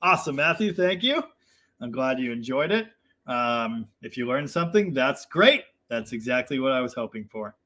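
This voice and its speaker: A man's voice: medium pitch, big pitch swings, normal speed, bright, forceful tone. Chatty young man with fillers. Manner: chatty, self-deprecating, lots of fillers. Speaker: livestream host reading viewer comments. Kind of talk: casual live chat.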